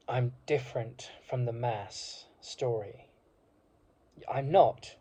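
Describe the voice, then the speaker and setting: A man's voice: medium pitch, slow pace, mellow, breathy edge. A man delivering an impassioned, rambling monologue with many fillers and restarts. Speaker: speaker. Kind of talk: reflective monologue. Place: university degree course alumnus, speaking informally.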